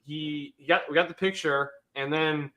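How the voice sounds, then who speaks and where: A man's voice: a little high, fairly even intonation, normal speed, muffled recording. A man in his thirties hosting a casual livestream, telling a rambling story, laughing often and greeting viewers in the chat. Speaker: livestream host.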